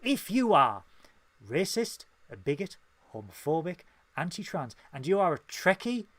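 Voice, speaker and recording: A man's voice: on the high side, sing-song, measured pace, fairly bright tone, no room sound. A man with a Northern English accent, co-hosting a casual podcast and speaking in an impassioned, emphatic way. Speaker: podcast co-host.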